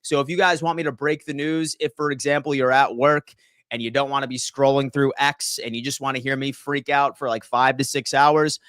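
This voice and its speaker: Energetic man hosting a sports livestream. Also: medium pitch, fairly quick, no echo, clean studio sound. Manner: energetic, reads chat shout-outs aloud. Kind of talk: live sports talk stream.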